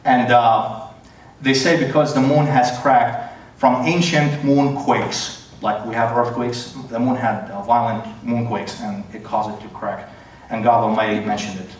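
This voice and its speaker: A man's voice: mid-range voice, steady tone, a little hiss or hum. Guy presenting in a big hall, lots of ums and restarts, super echoey and far from the mic. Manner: halting, many fillers and restarts. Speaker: debater giving an opening statement. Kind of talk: formal debate presentation. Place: large church hall.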